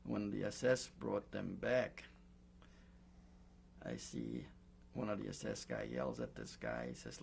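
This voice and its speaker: Slow, gravelly older man giving testimony. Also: on the low side, big pitch swings, slight background noise. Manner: slow, halting, frequent pauses and fillers. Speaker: Holocaust survivor giving testimony. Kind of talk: oral history testimony.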